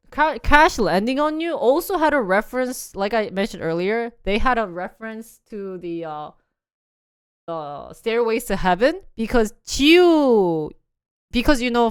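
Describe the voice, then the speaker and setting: Young woman, lively livestream chat, smooth clear voice, dry close sound, bouncy delivery. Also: medium pitch, no room sound. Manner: animated, laughs often, acts out scenes in voices. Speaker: live streamer.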